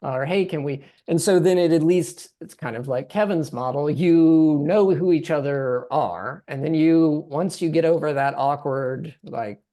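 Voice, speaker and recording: A man's voice: on the high side, a little slow, few pauses, mellow. A man moderating an academic panel, talking conversationally with frequent restarts and "right?".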